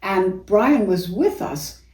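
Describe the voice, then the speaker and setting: A woman's voice: medium pitch, lively intonation, slow pace, darkish tone. An older actress and singer, chatting and reminiscing about stage life as an interview guest, laughing often through her anecdotes. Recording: roomy, distant mic.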